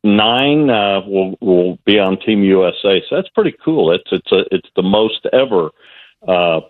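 A man's voice: low voice, animated, unhurried, no room sound. A man calling in to a radio show as a regular guest, chatting casually with hesitant fillers and chuckles. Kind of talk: casual phone chat. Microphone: phone. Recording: tinny phone line.

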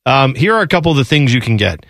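A man's voice: medium pitch, very animated, quick pace, fairly bright tone, no room sound, studio quality. A man hosting a sports talk show in casual chat, rambling and joking with frequent laughter. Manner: rambling, jokey, laughs often. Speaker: sports radio host.

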